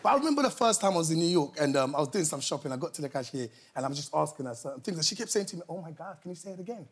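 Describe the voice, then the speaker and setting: Animated man telling a chat-show story. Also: a little high, racing, slightly rough. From Congo. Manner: animated storytelling, laughing often. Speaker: comedian guest.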